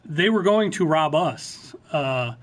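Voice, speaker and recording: A man's voice: on the high side, slow pace. A man who owns a game store, chatting casually on a livestream from his shop counter, answering viewers in an offhand way. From Ohio, USA. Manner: relaxed, offhand, answers chat questions. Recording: noisy store recording.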